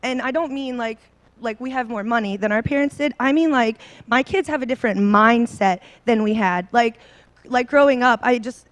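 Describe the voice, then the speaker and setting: Speaking into a handheld microphone, a woman in her thirties gives a personal talk to a seminar audience, her voice slightly high at a moderate pace with no echo. Bubbly yet a touch nervous, she fills it with ums and likes.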